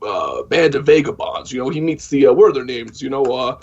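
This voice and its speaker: Podcast co-host, man, husky voice, sweary rambling recap, dull lo-fi audio. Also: mid-range voice, lively intonation, fairly quick. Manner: profane, rambling plot recap. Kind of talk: casual film discussion.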